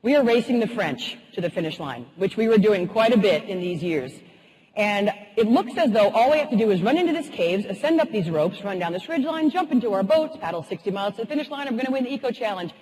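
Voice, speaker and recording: Woman motivational speaker, keynote storyteller, animated and funny, husky voice, long hall reverb. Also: medium pitch, a little fast. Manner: lively, humorous, animated.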